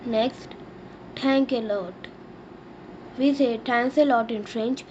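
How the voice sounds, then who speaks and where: A woman giving a vocabulary lesson, speaking slowly and deliberately and spelling each word out letter by letter. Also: on the high side, fairly even intonation, mellow, slight background noise. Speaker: language teacher. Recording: dull lo-fi recording.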